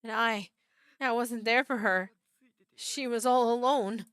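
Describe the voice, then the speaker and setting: A woman putting on a troubled teenage schoolboy from a horror game, speaking in a lowered, hushed tone. The voice is bright and tight underneath, and the sound is dry and close with no room around it. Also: slow pace, clear, resonant tone, no room sound. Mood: guilty, hushed. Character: troubled teenage schoolboy, guilt-ridden and angry. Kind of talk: reading game dialogue aloud.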